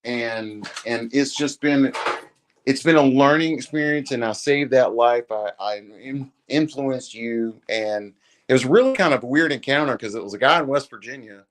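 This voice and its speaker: At normal speed and a medium pitch, a man tells a personal story as a guest on a podcast. His speech is casual and earnest, peppered with "dude" and "man," and he chokes up at times during the emotional telling.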